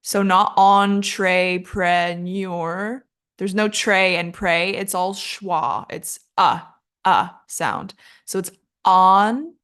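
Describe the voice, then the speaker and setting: A young woman teaching English pronunciation in a casual video lesson. She repeats words slowly to model them, corrects herself, and laughs often. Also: on the low side, animated, a bit bright.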